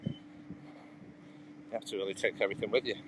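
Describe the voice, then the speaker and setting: A man rambles casually to his livestream viewers while walking along an outdoor path, his voice sitting on the low side. He talks into a phone as he goes, and passing traffic can be heard behind him. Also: flat delivery, a little fast. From England. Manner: rambling, chatty, answers viewers' comments. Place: outdoors on a cycle path beside a road.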